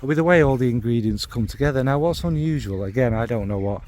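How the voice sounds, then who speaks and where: A man's voice: medium pitch, fast, darkish tone. A man with a Northern English accent giving a casual spoken review, meandering as he searches for descriptive words, blunt and sometimes swearing. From Northern England. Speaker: fragrance reviewer.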